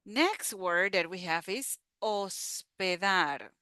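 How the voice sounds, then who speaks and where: A woman teaching a slow pronunciation lesson, patiently repeating each word. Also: medium pitch, bright, forceful tone, clear, resonant tone, dry recording. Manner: patient, repeats words slowly. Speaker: Spanish teacher.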